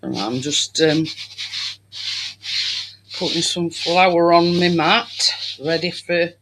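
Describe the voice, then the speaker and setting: A woman's voice: fairly low pitch, slow pace, background noise. A woman hosting a home baking video, chatting casually to viewers while she works and saying "me" for "my". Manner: uses dialect "me" for "my".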